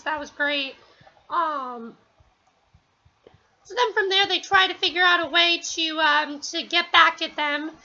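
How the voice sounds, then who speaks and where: A woman's voice: very high voice, sharp tone, dull audio. A woman giving a casual, rambling spoken review at home, with many fillers and restarts. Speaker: TV episode reviewer.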